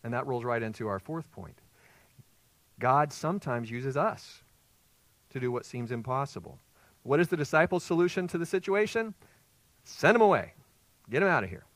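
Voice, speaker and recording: A man's voice: medium pitch, expressive, normal speed, no echo. A male pastor preaching an expository sermon, emphatic and putting rhetorical questions to his congregation.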